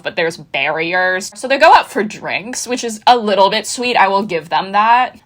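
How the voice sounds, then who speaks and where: A woman's voice: medium pitch, fairly bright tone. A woman in her twenties giving a casual, sardonic recap of a TV season, chatting and acting out the characters' lines. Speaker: video essayist.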